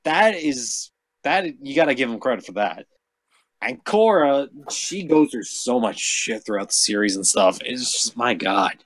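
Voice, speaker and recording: A man's voice: mid-range voice, big pitch swings, measured pace, crowd noise. A man chatting casually about comic heroes on a podcast, rambling with lots of fillers and swearing. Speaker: podcast host. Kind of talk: casual chat.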